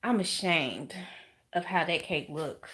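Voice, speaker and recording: A woman with a Southern US accent chatting to camera in her home kitchen, animated and drawn out, calling listeners "honey" and "y'all". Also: low voice, slow. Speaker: home baker vlogger. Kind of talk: casual chat to camera. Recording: noisy kitchen with clattering dishes. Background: clinking dishes and utensils.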